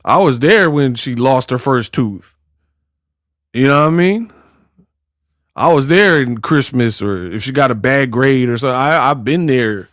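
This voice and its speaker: A man's voice: mid-range voice, animated, unhurried, fairly bright tone, no room sound, clean studio sound. A man in casual commentary who talks in a mocking, slangy way and acts out quotes. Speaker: boxing commentator.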